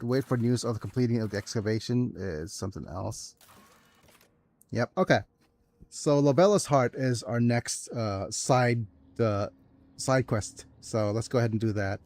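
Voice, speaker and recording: A man playing through a strategy game, talking softly and hesitantly as he reads menus and plans quests. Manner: soft low-key delivery, calling it his ASMR voice. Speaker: gaming video host. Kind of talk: let's play commentary.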